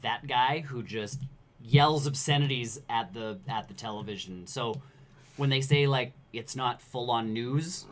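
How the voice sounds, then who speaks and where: A man co-hosting a casual podcast chat, rambling and animated as he tells stories. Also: medium pitch, unhurried. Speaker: podcast co-host.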